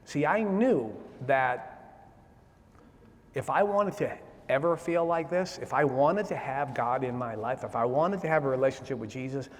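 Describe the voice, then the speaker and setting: A man giving a personal testimony in a lively, streetwise way, often asking "right?" of his listeners. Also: mid-range voice, normal speed. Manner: animated, streetwise, repeats "right?" to the crowd. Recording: long hall reverb.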